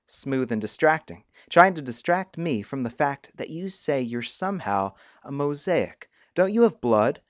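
Man voicing a skeptical young woman, quick retorts, storybook reading, dull dry sound. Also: mid-range voice, very animated, no echo. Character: young woman, curious, wary, sharp-tongued.

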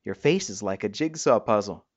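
Wary, sharp young woman, as a man reads her. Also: on the low side, lively intonation, normal speed, no echo, lo-fi sound.

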